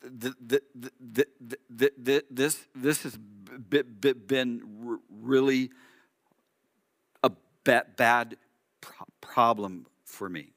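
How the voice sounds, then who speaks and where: A man's voice: mid-range voice, expressive, sharp tone, no echo, studio quality, exaggerated voice. A man voicing an insecure old male shepherd who stammers and halts, trailing off into a whisper. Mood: anxious. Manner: stuttering, halting, trailing into a whisper.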